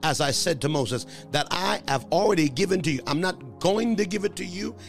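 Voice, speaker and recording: A man's voice: fairly high pitch, expressive, fairly quick, soft background music. A man preaching a sermon as a pastor, emphatic, asking the congregation questions and answering them himself. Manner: emphatic call-and-response preaching.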